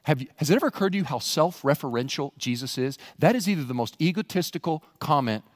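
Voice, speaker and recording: A male pastor preaching a sermon in a church, animated and rising to near-shouts for emphasis. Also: a little high, fast, in a large hall. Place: church sanctuary.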